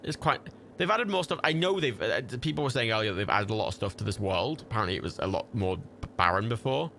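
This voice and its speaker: A man streams a game live, swearing as he rambles and restarts his sentences. His pitch leaps around in lively swings. A gravelly fry runs through a bright, tense voice. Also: fast talker, slight background noise. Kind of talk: live gameplay commentary.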